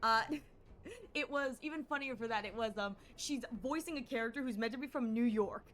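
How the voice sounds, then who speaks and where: Young woman, gaming streamer, casual rambling chat, laughs a lot, slightly high voice. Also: moderate pace, fairly bright tone. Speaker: livestreamer.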